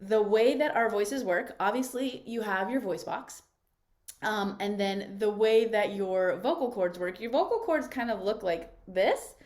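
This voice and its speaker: A woman's voice: mid-range voice, a little slow, darkish tone. A woman voice coach leading a live online workshop over a video call, talking in an encouraging, conversational way and often checking in with "right?".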